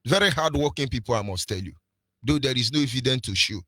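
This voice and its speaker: A man's voice: mid-range voice, lively intonation, fast, sharp tone, dry recording. Fiery Nigerian man preaching on radio. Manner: preachy, with rhetorical questions and sing-song emphasis. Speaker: radio presenter. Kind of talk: impassioned political radio commentary.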